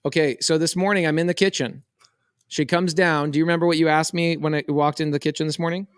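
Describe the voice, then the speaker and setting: Dad telling an animated story. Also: male voice, fairly high pitch, fast, smooth, dry recording, clean studio sound. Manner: animated, quotes voices in a story. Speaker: podcast co-host. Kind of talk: casual storytelling chat.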